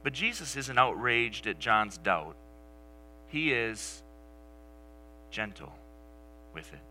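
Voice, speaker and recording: A male pastor preaching a sermon, telling the story with animation and dropping to soft, near-whispered lines for emphasis. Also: lowish voice, very animated, takes it slowly, a little hiss or hum, rough recording.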